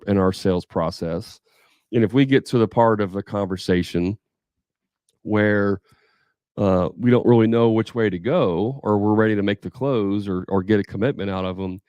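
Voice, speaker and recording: Low-voiced man coaching salespeople. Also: a little mellow, no echo, studio quality. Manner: casual, thinks aloud, role-plays customer dialogue. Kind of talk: live training session.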